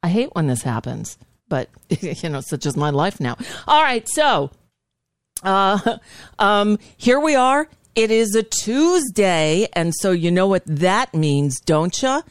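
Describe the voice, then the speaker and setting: A woman's voice: mid-range voice, sing-song, slow pace, clear, resonant tone, no echo. A woman hosting a talk show, chatting casually in a scattered, rambling way with many fillers and restarts into a studio microphone. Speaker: radio show host.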